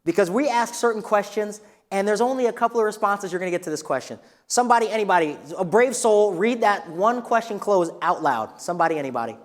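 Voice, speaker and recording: A man teaching a live real estate workshop in an energetic, coaching way, asking the room questions. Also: sits high, quick pace. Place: training room with a live audience. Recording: long reverb of a hall.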